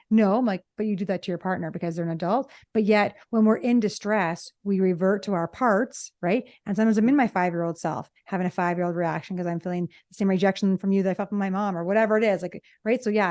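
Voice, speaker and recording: A woman's voice: mid-range voice, darkish tone, no room sound, clean studio sound. A woman co-hosting a relationship podcast as a therapist, speaking emphatically in a casual chat and repeating her key points with blunt asides. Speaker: relationship psychologist podcast co-host.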